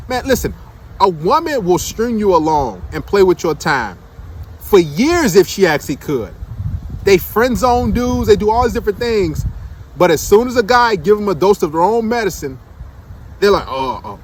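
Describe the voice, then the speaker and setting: Blunt high-voiced man ranting. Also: expressive, normal speed, slight background noise. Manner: blunt, emphatic, rhetorical questions. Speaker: dating commentator. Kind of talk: casual monologue commentary.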